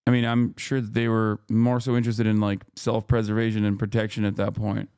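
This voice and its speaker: A man's voice: lowish voice, monotone, brisk, darkish tone, clean tone, no echo, clean studio sound. A man in his thirties hosting a livestream, giving casual commentary and reading posts aloud in an exasperated, profane way. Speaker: streamer host.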